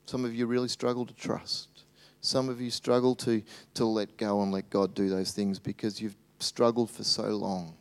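Lively male preacher. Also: on the low side, normal speed, few pauses. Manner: animated preaching, swinging from loud bursts to hushed tenderness. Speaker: pastor. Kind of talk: sermon.

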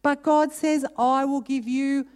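Woman preacher, unhurried, mellow tone, long reverb of a church hall. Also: high-pitched, fairly even intonation. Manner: reads scripture aloud with emphatic pauses, then talks it through. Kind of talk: sermon.

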